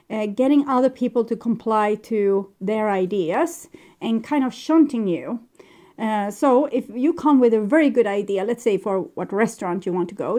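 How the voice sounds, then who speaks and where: A woman's voice: on the high side, mellow. A woman giving a rambling tarot reading, talking in a hesitant, meandering way full of fillers and restarts. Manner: meandering, hesitant, many fillers and self-corrections. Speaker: tarot reader.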